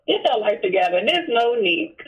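A woman's voice: a little high, sing-song, a little fast, breathy edge. A woman calling into a podcast, casual and teasing with a sassy manner, heard over a phone call. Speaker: caller, sponsor. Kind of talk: casual chat.

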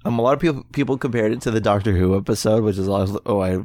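A man's voice: fairly low pitch, rapid-fire, warm tone, no echo. A man co-hosting a podcast in casual chat, laid-back and full of fillers like "you know". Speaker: podcast co-host.

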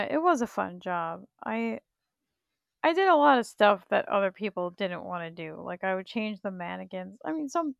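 A woman's voice: medium pitch, creaky, no room sound. A woman in her thirties hosting a livestream in blunt, profane, rambling chat, laughing often. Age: 30s. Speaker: livestream host.

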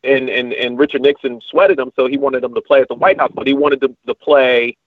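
A man talks casually at a middle pitch, rambling and restarting his sentences. His voice comes through a narrow, tinny, phone-like line with a dry sound. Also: level tone, brisk, no echo. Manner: rambling, many fillers and restarts. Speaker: podcast co-host. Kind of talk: casual chat.

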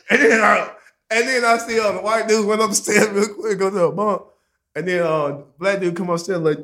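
Speaking fairly quickly in a voice on the high side, a young man tells a drawn-out story in casual conversation, swearing, using slang and filler words, and bursting into loud laughter at the funny bits.

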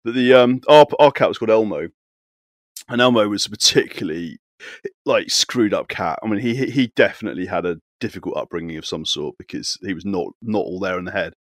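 A man chatting with friends, telling a story about his old cat in an animated, chatty way. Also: fairly low pitch, brisk, no room sound, studio quality. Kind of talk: casual chat.

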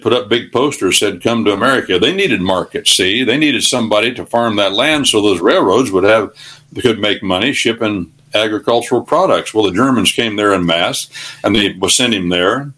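A man's voice: on the low side, a bit bright, husky. Folksy older man preaching on talk radio. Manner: folksy, preachy, rambling anecdotes. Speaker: radio show guest.

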